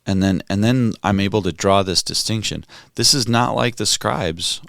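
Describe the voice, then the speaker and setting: A man's voice: on the low side, moderate pace, vocal fry, few pauses, fairly bright tone, dry recording, clean studio sound. A man hosting a podcast, reflecting on a scripture reading in a musing, conversational way. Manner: musing, conversational, thinks aloud with restarts. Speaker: podcast host.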